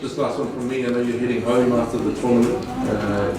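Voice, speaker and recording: A man's voice: mid-range voice, fairly even intonation, fairly quick. A man with a New Zealand accent, a television reporter asking friendly, informal questions at a press conference. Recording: echoey room, distant mic, noisy.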